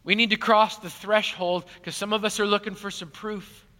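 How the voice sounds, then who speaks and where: A male pastor preaching an Easter sermon, animated, swinging from loud emphasis to hushed lines. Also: high voice, normal speed. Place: large church auditorium. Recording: long hall reverb.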